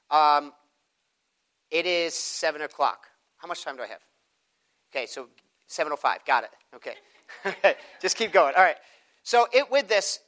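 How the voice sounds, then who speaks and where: A man with a high, bright and forceful voice teaches a group in a church room how to share his faith. He lively acts out both sides of street conversations as he goes. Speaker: evangelism teacher. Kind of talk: teaching talk with acted street dialogues.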